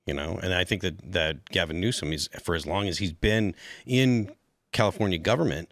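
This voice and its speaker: A man co-hosting a panel podcast, talking in a hesitant, halting way with frequent restarts. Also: sits low, fairly bright tone, dry recording. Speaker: podcast co-host. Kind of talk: casual panel discussion.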